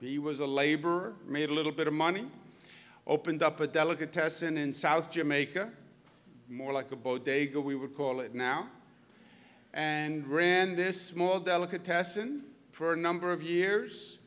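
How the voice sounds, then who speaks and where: A man's voice: on the high side, normal speed, a bit bright. A man in his fifties with a Queens New York accent, giving a folksy public speech to students and telling stories with joking asides. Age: 50s. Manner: folksy, storytelling, jokey asides. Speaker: governor speaking at a school. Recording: reverberant hall.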